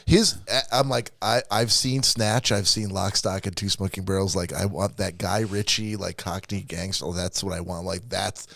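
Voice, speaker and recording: A man co-hosting a casual podcast, telling stories in an animated way that stumbles over its starts. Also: deep voice, normal speed, creaky, few pauses, no room sound. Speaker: podcast co-host. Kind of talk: casual chat.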